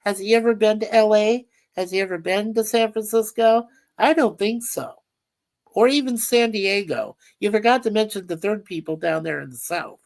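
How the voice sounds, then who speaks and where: A woman's voice: mid-range voice, moderate pace, vocal fry, darkish tone. A woman hosting a casual livestream chat, rambling and reading viewer comments aloud. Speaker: livestream host.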